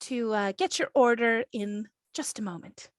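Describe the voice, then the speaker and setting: A woman's voice: on the high side, normal speed, no echo, lightly acted. A woman voicing a cheerful airy female elemental tavern keeper in an attempted Irish accent, chatty and welcoming in a tabletop role-play. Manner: chirpy, welcoming, chatty innkeeper.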